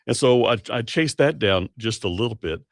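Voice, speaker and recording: A male morning radio host with a gravelly, creaky edge to his voice. He talks in a loose, rambling way, correcting himself mid-sentence as he goes. The sound is close and dry, like a studio microphone. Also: mid-range voice, expressive, moderate pace, dry recording. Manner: rambling, self-correcting, chatty. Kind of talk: casual morning radio talk.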